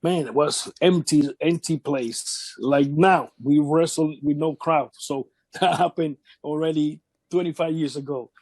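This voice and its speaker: Man, fairly high voice, dry close sound, halting storyteller, repeats himself. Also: darkish tone, slightly rough, no echo. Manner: halting, repeats words, acts out quotes of others. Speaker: wrestling veteran interviewee. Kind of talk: casual shoot interview storytelling.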